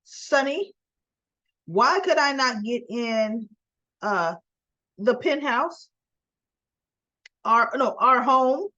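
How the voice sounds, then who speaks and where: A woman's voice: high-pitched, lively intonation, slow pace, hardly any pauses, fairly bright tone, pitched above the performer's own voice, heavily acted. A woman voicing the indignant, insistent wife of a boss. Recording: dull dry sound.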